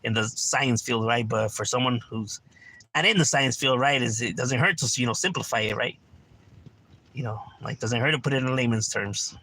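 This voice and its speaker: Here's a livestreamer at home going through his chat at a normal speed, his mid-range voice pushed and bright. The talk is casual and full of swearing and slang, and he keeps asking "right?"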